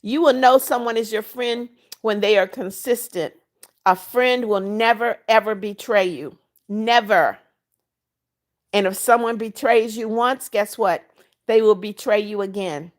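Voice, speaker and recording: A woman's voice: medium pitch, a little slow. A woman in her seventies hosting a casual livestream, greeting viewers by name and blessing them in a blunt, motherly way. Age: 70s. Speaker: livestream host. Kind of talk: casual livestream chat reading viewer comments.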